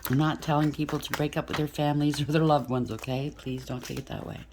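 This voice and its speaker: A woman's voice: deep voice, little pitch movement, quick pace, noisy background. A woman giving a casual tarot reading, chatty and blunt, thinking aloud and swearing freely. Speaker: tarot reader.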